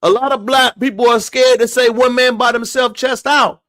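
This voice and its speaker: A man's voice: very high-pitched, steady tone, normal speed, a bit bright. A man giving impassioned live-stream commentary, emphatic and preachy, who keeps calling his viewers y'all. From moved to Texas from elsewhere.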